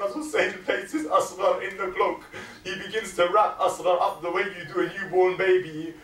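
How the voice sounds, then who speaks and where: A man's voice: fairly high pitch, recorded from a distance, a little hiss or hum. A man preaching a mourning sermon, telling a sacred story with emotional, dramatic intensity. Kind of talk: impassioned sermon narration. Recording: echoey hall, voice from afar.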